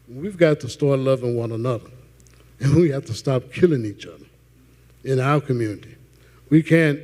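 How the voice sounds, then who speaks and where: A man's voice: medium pitch, warm tone, in a large hall. A panelist man answering an audience question, earnest and repeating himself with fillers.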